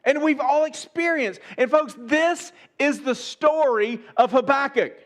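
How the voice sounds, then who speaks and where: High-voiced man preaching a casual sermon. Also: a little slow, fairly bright tone. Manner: conversational preaching with rhetorical questions and repeated phrases. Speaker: pastor. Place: church service.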